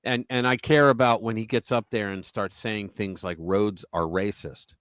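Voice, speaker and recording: A man's voice: on the low side, normal speed, clean tone, no room sound. A man hosting a live political commentary stream, talking casually with sarcastic, mocking asides. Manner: animated and sarcastic, mocking voices. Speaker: host.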